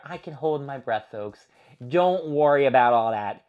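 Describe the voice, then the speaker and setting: A man's voice: medium pitch, expressive, unhurried, dull audio. A man hosting a solo show, venting in a profane, exasperated rant. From Philadelphia area. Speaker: podcast host. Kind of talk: ranting solo monologue.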